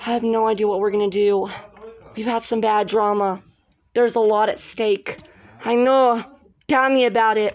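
A woman performing the voices of several bickering girls in a home-made doll drama. She jumps quickly between characters, gasping and shouting through the arguments. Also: medium pitch. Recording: dull lo-fi home recording.

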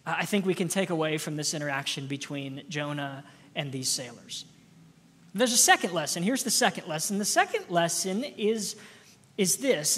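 A woman's voice: on the low side, a bit bright, slightly rough. A woman pastor preaching a sermon in a church, earnest, often repeating words as she builds a point. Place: church sanctuary. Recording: long reverb of a church hall.

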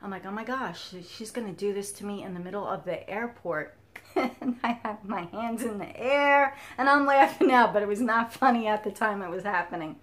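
A woman's voice: mid-range voice, normal speed, a bit bright. Frank, chatty woman in her fifties. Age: 50s. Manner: frank storyteller, laughs often. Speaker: cross stitch vlogger. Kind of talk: candid talk to camera.

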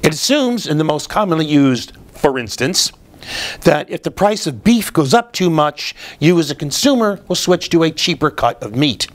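Male host, political commentary; sardonic, explains patiently, drops in "uh" fillers. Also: a little high.

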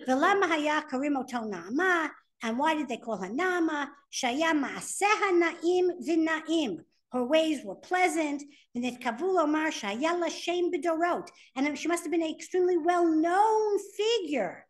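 A woman teaching a class, reading sources aloud and translating them as she explains. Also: high-pitched. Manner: animated, reads Hebrew text then translates. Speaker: Torah teacher. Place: classroom with students.

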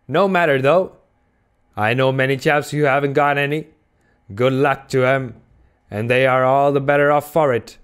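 A man's voice: medium pitch, steady tone, moderate pace, smooth, pitched above the performer's own voice, natural voice. A man doing a wild old sailor prophet. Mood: ominous. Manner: earnest, darkly insistent, old-salt dialect. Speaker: audiobook reader.

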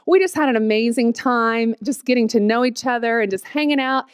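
A woman, telling her personal testimony in an animated, storytelling way. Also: on the high side, brisk, clear, resonant tone, dry recording, clean studio sound. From Oklahoma, USA. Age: 30s. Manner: animated storytelling, quotes herself with squeals and laughs.

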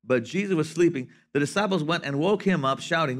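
A man preaching a lively sermon as pastor, swinging from loud to soft. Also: a little high, brisk.

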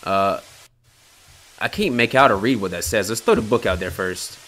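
A young man giving casual commentary on a horror game, loud, jumpy and swearing, taunting the monster and then panicking. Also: fairly low pitch, normal speed, a little hiss or hum. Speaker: gameplay streamer.

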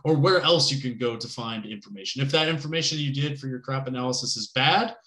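A college instructor with a mid-range, bright voice talks fast and forcefully in a roomy-sounding recorded lecture. He keeps it casual, full of fillers, frequent "right?" checks and joking asides.

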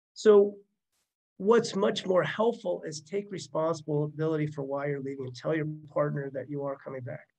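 A middle-aged man gives a counseling webinar in a high voice with a gravelly edge. He talks in an easy, conversational way and keeps checking in with his listeners. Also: darkish tone, rough recording. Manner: conversational, uses tag questions and examples. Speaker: marriage counselor. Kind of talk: webinar teaching.

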